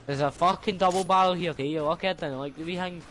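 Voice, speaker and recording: A man's voice: high-pitched, fast, very noisy. Sweary Scottish guy trash-talking. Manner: sweary, teasing trash talk. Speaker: streamer. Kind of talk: casual gaming banter.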